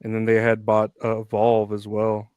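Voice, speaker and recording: A man's voice: on the low side, monotone, moderate pace, darkish tone, clean tone, no room sound. Male co-host, loose rambling delivery, laughs a lot, dry close mic. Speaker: podcast co-host. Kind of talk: casual chat.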